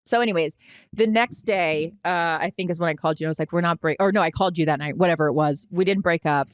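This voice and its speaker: A woman's voice: lowish voice, fast, smooth, no echo. Woman podcast co-host, forties, dramatic storyteller, dry close sound. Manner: animated, dramatic retelling with swearing. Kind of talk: casual storytelling chat.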